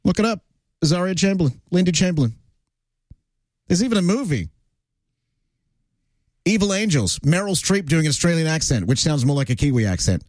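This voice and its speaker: A man's voice: fairly high pitch, a little fast, pauses often, dry recording. A man hosting a radio show, chatting casually and telling stories with plenty of fillers. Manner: chatty, animated storytelling with frequent fillers. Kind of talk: casual on-air chat.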